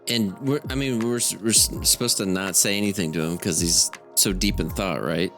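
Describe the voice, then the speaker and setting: A man's voice: low voice, normal speed, a bit bright, faint music behind. A man playing in a tabletop game, speaking casually with some stumbling. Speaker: player.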